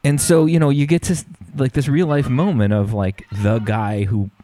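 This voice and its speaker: A man's voice: medium pitch, level tone, normal speed, mellow. A man casually chatting as a podcast host, rambling with many fillers and restarts. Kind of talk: casual chat about music.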